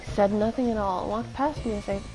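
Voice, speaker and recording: A woman streaming a game reads its text aloud and chats casually between passages, swearing now and then. Her voice sits in a middle pitch, with faint music behind. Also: fairly even intonation, fast talker, poor audio.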